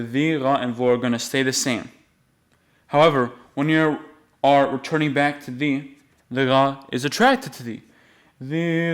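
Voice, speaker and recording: A man giving a patient, step-by-step music lesson, explaining the rules and then slowly singing the note names. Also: mid-range voice. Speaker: music teacher.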